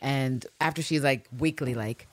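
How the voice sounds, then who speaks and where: Animated woman acting out scenes. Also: rumbling low, fairly quick, dry recording. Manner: animated, acts out characters in exaggerated voices, swears freely. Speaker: podcast co-host. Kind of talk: casual recap chat.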